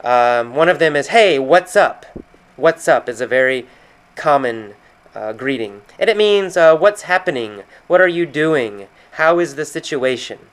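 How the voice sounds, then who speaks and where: A man with an American accent teaches English vocabulary at an unhurried pace. His voice is smooth and clear, sitting in a middle pitch, and he keeps stopping to act out short everyday phrases before explaining them. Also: lively intonation, fairly bright tone. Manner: slow, patient explanations with quoted example phrases. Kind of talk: explaining vocabulary from a recorded conversation. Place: San Francisco.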